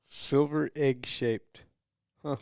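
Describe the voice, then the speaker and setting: Man co-host, dry close mic, wry questions and deadpan quips. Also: medium pitch, extremely slow, vocal fry, clean tone, no room sound. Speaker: podcast co-host. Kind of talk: casual chat.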